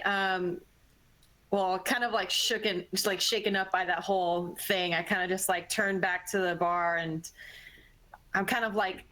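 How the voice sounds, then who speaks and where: A woman's voice: fairly low pitch, pushed and bright, low-quality recording. A woman playing in a tabletop game, speaking in a casual, hesitant way with many fillers. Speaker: player. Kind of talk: tabletop role-play.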